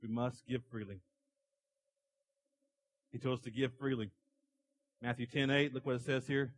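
A man preaching a sermon to his church, animated as he tells stories and acts out characters. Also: medium pitch, moderate pace, poor audio. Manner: animated storytelling, acting out characters in the parable. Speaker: pastor.

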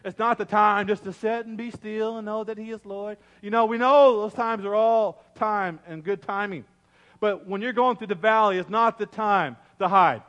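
A pastor preaching a sermon, telling the story in an emphatic, dramatic way with lots of repetition. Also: male voice, high-pitched, fairly bright tone. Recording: echoey hall.

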